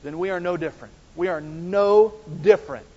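Animated preacher with a high voice. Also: male voice, normal speed. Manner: animated, acts out dialogue with big swings in loudness. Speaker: pastor. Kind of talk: sermon. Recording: dull sound with long church reverb.

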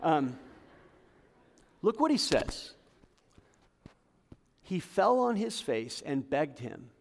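A man preaching a sermon to his congregation, building to emphatic peaks and dropping to quiet asides. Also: big pitch swings, drawn-out words, gravelly. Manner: passionate, rising to emphatic peaks then dropping low. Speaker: pastor. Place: church hall with congregation. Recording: long hall reverb.

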